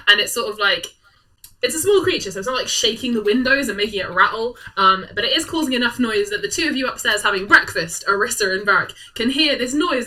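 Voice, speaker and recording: Woman DM, playful and giggly, bright voice, does sound effects; slightly distant mic. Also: mid-range voice, fairly quick. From United Kingdom. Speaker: dungeon master. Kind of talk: narrating a tabletop game.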